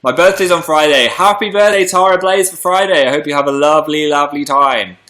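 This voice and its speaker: A man's voice: a little high, fairly quick, bright, forceful tone. A British man hosting a livestream in casual chat, playfully reading out viewer comments and answering them.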